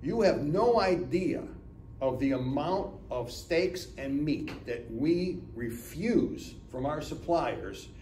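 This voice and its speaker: A man's voice: a little high, animated, takes it slowly, darkish tone, a little hiss or hum. Older man telling stories in an echoey room. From Northeast Ohio, USA. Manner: chatty storyteller, acts out dialogue, keeps asking "right?". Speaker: guest speaker at a business lunch talk. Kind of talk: storytelling business talk. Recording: echoey room, mic from far off.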